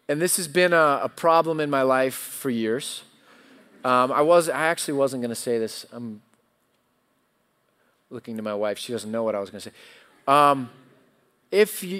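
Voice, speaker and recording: Man, pastor, middle-aged, conversational sermon, self-deprecating storytelling, mid-pitched voice. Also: fairly bright tone, smooth. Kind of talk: sermon with personal stories.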